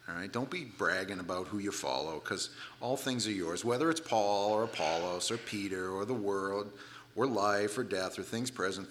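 A middle-aged man preaching a sermon to a congregation, animated and sarcastic at times, with frequent restarts. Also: on the low side, a little hiss or hum. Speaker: pastor.

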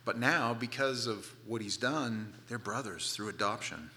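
A middle-aged man preaching a sermon, telling the story with playful asides and dropping to soft, hushed tones for tender moments. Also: fairly low pitch, a little slow. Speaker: pastor.

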